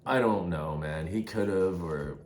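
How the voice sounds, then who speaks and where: A man's voice: sits low, slow, a little mellow, roomy sound, slight background noise. A man telling hiking trail stories in a rambling, casual way, tossing in "man" and "dude" often. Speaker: hiker vlogger. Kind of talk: casual storytelling.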